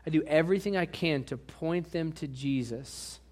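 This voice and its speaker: A man with a notably high voice preaches a sermon as the pastor. He swings between hushed confessional asides and loud, slowed-down emphasis. He often turns to the congregation with direct questions.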